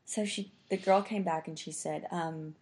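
Low-voiced chatty young woman. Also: steady tone, normal speed, darkish tone. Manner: chatty, says "like" constantly. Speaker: storyteller. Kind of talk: casual chat.

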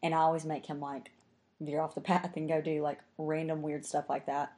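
A woman's voice: low-pitched, flat delivery, fairly quick, dark tone. A young woman telling a story in casual chat, talking chattily and saying "like" constantly.

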